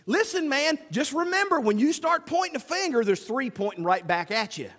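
A male pastor with a drawl preaches in a folksy, lively style, his fairly high voice leaping up and down in pitch. The sound carries a long church reverb. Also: moderate pace. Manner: folksy, animated preaching with acted-out asides. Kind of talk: sermon. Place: church sanctuary.

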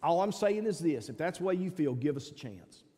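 Preacher, male, mellow and a bit high, emphatic sermon delivery, long church reverb. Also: lively intonation, brisk. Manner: emphatic, swings between loud appeals and low asides. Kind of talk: sermon with altar call. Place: church sanctuary.

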